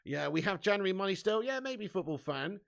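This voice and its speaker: A man's voice: high voice, big pitch swings, a little fast, creaky, fairly bright tone. A man hosting a casual fan live stream, chatty and laughing often, swearing freely and reading viewer comments aloud.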